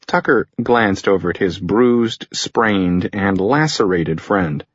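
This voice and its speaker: Male audiobook narrator, steady delivery, husky, dry close sound. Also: lowish voice, takes it slowly, hardly any pauses, no echo. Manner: steady, even storytelling. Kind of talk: scripted narration. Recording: dull lo-fi recording.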